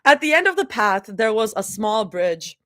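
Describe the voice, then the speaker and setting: A woman's voice: medium pitch, very animated, normal speed, fairly bright tone, dry recording, studio quality. A woman doing a live reading of a fan story, breaking off for chatty, giggly asides. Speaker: livestream reader.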